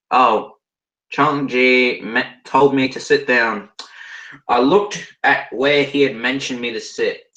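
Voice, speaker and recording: A young man with an Australian accent reads a fan story aloud, tripping over words and breaking off to groan at what he's reading. His voice is bright and sharp, and the room around him is echoey. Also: mid-range voice. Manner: stumbling over words, breaking into laughter and horrified asides. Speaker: podcast co-host reading fan fiction.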